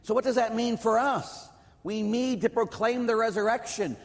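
A priest and radio host preaching bluntly and telling stories, acting out the voices of the people in them. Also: male voice, very high-pitched, normal speed, long reverb tail. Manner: blunt, animated, acts out callers' voices. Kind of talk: lively sermon with storytelling.

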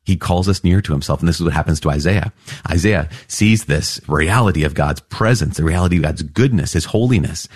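Male preacher, very low husky voice, enthusiastic teaching delivery, dry close mic. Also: fairly quick, no echo. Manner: enthusiastic, exclamatory, animated. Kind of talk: scripture reflection.

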